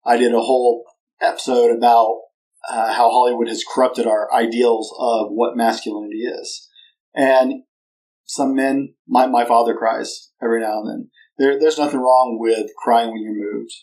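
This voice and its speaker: A man's voice: medium pitch, little pitch movement, moderate pace, darkish tone, low-quality recording. Chatty, self-deprecating male podcast host. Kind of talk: casual interview chat.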